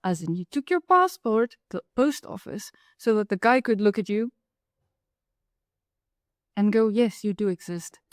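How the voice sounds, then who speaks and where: A woman from Africa, telling a personal story in a wry, lively way. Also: a little high, a little slow, pauses often, dry recording, studio quality. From South Africa. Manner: lively, wry, acts out the people in her stories. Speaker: author and storyteller.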